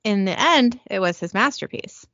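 A woman's voice: mid-range voice, expressive, moderate pace, fairly bright tone, no echo, lo-fi sound. A woman voicing a lovelorn young woman who speaks in an earnest, reflective way. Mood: wistful.

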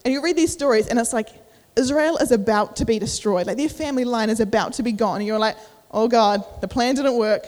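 A woman's voice: on the high side, fast talker, hardly any pauses, a little mellow. A young woman giving a casual sermon at church, chatty with many fillers, acting out inner voices, a little out of breath. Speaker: youth preacher. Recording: echoey church hall.

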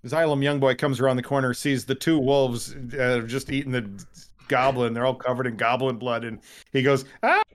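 A man narrating as game master of a tabletop role-playing game, telling the scene vividly with sudden jumps in pitch. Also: level tone, normal speed.

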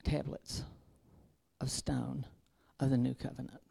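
A woman with a low voice delivers an informal sermon. She wanders and restarts herself in a conversational way, then presses into fervent exhortation. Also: level tone, a little slow, creaky, mellow, breathy edge. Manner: self-interrupting, restarts verses. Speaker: preacher.

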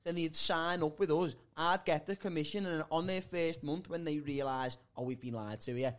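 A man's voice: a little high, moderate pace. A man, a podcast guest telling a comic story casually, rambling and repeating "listen" and "like".

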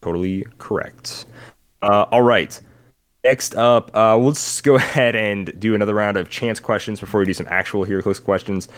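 A man's voice: lowish voice, fairly even intonation, moderate pace. A man hosting a casual podcast, chatty and rambling, laughing often as he reads out listener questions. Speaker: podcast host. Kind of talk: casual chat.

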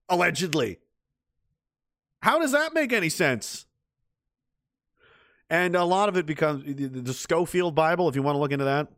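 A man's voice: fairly high pitch, expressive, normal speed, pauses often, a bit bright, dry recording, clean studio sound. A man who talks in a rambling, heated way, swearing often and restarting his sentences. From Canada. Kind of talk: casual ranting monologue.

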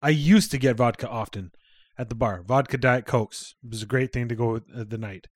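A man, hosting a casual podcast chat, swearing freely and laughing between quick asides. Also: medium pitch, dry recording, studio quality. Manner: loose and profane, laughs often, quick asides. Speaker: podcast host.

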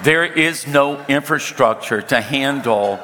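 Animated storytelling preacher in a big hall. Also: male voice, medium pitch. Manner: storytelling with humor, emphatic slowdowns. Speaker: pastor. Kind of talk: sermon. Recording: reverberant hall.

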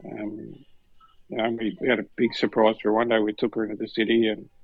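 Middle-aged Australian man, animated storyteller who does the other people's voices, dead dry and a bit muffled. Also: lowish voice, fast, creaky, no echo. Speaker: podcast guest. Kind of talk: casual storytelling.

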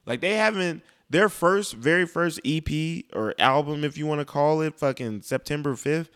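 A man's voice: fairly high pitch, animated, measured pace, fairly bright tone, smooth. A young man giving a casual, blunt and profane rant about music, rambling with restarts. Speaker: music commentator.

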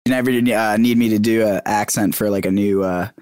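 A man's voice: fairly low pitch, fairly even intonation, a little fast, darkish tone, clear, resonant tone, no echo, studio quality. A young man, a podcast guest, chatting casually and animatedly, full of "like" and "dude". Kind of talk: casual chat.

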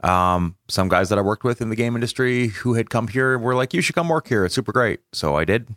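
A man's voice: medium pitch, lively intonation, a little fast, fairly bright tone, no echo. A man co-hosting a casual game studio podcast, laid-back with a teasing dry humor.

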